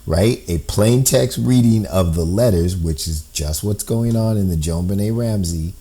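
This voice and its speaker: A man's voice: low-pitched, unhurried, warm tone, husky. A man explaining a code on screen step by step, thinking aloud and often checking in with "right?". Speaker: amateur code-breaker.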